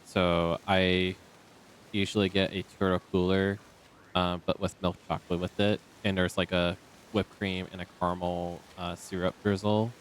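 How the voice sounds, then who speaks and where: Here a man talks in a low voice with little pitch movement and at normal speed, rambling through casual live-stream chat with lots of ums. He speaks into a desk mic over faint game music and slight background noise.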